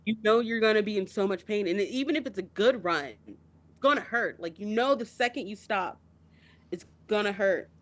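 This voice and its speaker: A woman's voice: mid-range voice, animated, normal speed. A young woman co-hosting a podcast, talking through a song with mounting emotion and tears. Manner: emotional, builds to tearful outbursts. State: crying. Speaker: podcast co-host. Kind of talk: casual chat.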